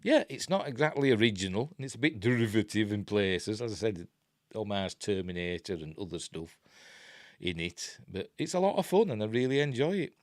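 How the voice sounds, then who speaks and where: A man's voice: fairly low pitch, animated, brisk, no echo, studio quality. An older man with a Yorkshire accent, casually talking through a film review with rambling, self-interrupting chat and wry asides. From Yorkshire, England.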